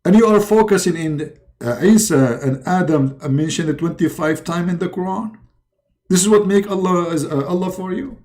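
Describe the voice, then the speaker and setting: A man's voice: sits high, normal speed, darkish tone. A man hosting a mocking religious commentary, talking sarcastically in broken English. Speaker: host.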